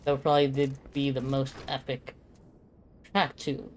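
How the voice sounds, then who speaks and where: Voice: mid-range voice, level tone, unhurried, a little hiss or hum. A streamer giving casual gameplay commentary, chatty and full of joking asides.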